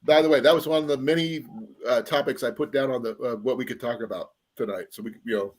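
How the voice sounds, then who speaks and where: A man's voice: mid-range voice, steady tone, fast. A man hosting a casual live-stream chat, bantering and teasing his co-hosts. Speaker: host.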